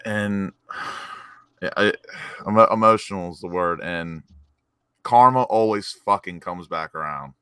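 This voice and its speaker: A man with a very low, smooth voice gives blunt, sweary match reactions. The sound is dry and close. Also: a little slow, sharp tone, dry recording. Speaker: fan panel guest. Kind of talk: excited post-match fan chat.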